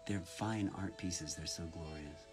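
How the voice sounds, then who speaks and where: Deep-voiced man chatting on a live stream. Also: measured pace, loud music behind the voice. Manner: chatty, playful, reads names aloud and spells them out. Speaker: voice actor signing fan orders on stream. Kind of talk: casual live-stream chat.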